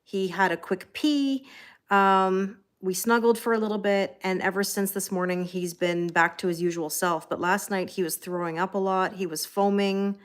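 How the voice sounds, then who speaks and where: A woman's voice: mid-range voice, steady tone, normal speed, clean tone. Tired, chatty Canadian woman. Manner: chatty, greets viewers by name, frequent ums and light laughs. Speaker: tarot reader hosting a livestream. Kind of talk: casual livestream chat.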